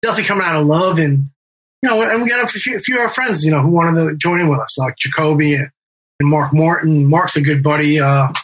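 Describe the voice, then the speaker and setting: A man's voice: on the high side, fast talker, fairly bright tone, rough recording. A middle-aged man telling a long story in casual interview talk, rambling with fillers and restarts and swearing. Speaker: guest, band member and music manager.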